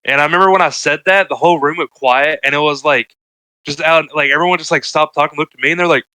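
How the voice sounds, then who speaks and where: A man's voice: fairly high pitch, fast talker, sharp tone, smooth, dry recording, poor audio. A young man telling a story in casual podcast chat, laid-back and rambling with lots of filler words. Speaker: podcast co-host.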